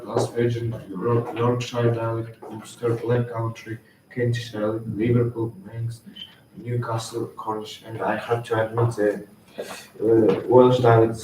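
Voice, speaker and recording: A young man giving a school research presentation, reading from slides with halting restarts. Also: medium pitch. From Kazakhstan. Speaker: student presenter. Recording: echoey room, distant mic, noisy.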